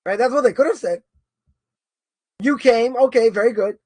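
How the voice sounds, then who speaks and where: Male teacher, high voice, dry close sound, informal lecture that thinks aloud and keeps asking "right?". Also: normal speed, a little mellow, dry recording. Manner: thinking aloud, argues both sides, many repetitions and "right?". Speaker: Torah course teacher. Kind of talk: informal lecture answering a question.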